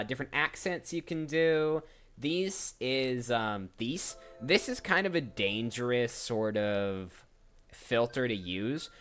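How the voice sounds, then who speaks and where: Chatting loosely on a livestream, this male voice actor has a medium-pitched, slightly bright voice. He thinks out loud while browsing, frequently starting sentences over, with soft music behind him.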